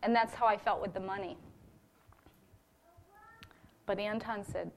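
A woman's voice: medium pitch, fairly even intonation, unhurried, slight background noise. Woman, church member reporting on a ministry trip, heartfelt testimony delivery. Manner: earnest and heartfelt, with fillers. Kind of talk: personal testimony to a congregation.

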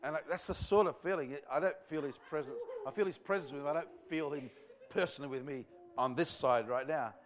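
Fervent preacher, higher voice. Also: male voice, brisk, crowd noise. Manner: fervent, rambling, conversational preaching. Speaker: visiting evangelist. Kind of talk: revival sermon to a live congregation. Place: church before a congregation.

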